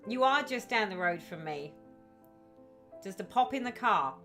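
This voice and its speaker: A woman's voice: medium pitch, animated, slow, pauses often, fairly bright tone. Woman, stream host, chatty, exclaims in sympathy, faint background music. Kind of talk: casual chat reading out live comments.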